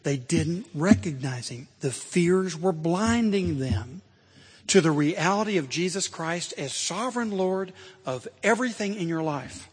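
Male pastor, high-pitched, husky voice, emphatic sermon delivery, long church reverb. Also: expressive, measured pace. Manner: emphatic preaching, swelling to loud exhortation.

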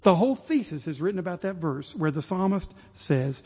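Man, pastor, sermon, high voice, husky, long echo of a large church hall. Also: animated, fairly quick. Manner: preaching with rising emphasis, then a hushed prayer.

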